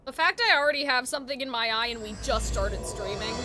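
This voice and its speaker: A woman's voice: a little high, quick pace. A woman streaming a video game, rambling through casual commentary, swearing freely and laughing at her own jokes. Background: game music.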